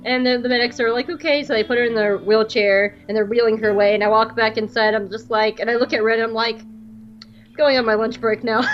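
A young woman with a slightly high voice tells a story in an animated, rambling way, full of fillers and restarts. The recording sounds dull and lo-fi, with faint music underneath. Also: normal speed. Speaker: podcast co-host. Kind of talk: casual storytelling chat.

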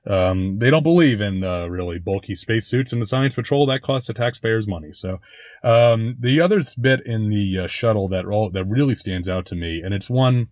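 A man's voice: lowish voice, moderate pace, darkish tone, no room sound. A man hosting a casual commentary, reviewing a TV episode in a wry, chatty way with frequent restarts and dry asides. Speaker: podcast host reviewing a TV episode.

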